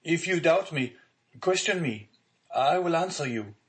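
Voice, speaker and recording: A man's voice: mid-range voice, unhurried, pitched above the performer's own voice, lightly acted. A man reading the part of an honest, eager young prisoner who pleads earnestly.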